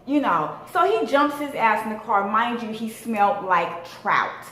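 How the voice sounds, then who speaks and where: A woman's voice: on the high side, animated, normal speed, few pauses, fairly bright tone. A woman in her thirties from Southern California, telling a dramatic storytime vlog with slang and swearing. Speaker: vlogger. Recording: echoey room with faint noise.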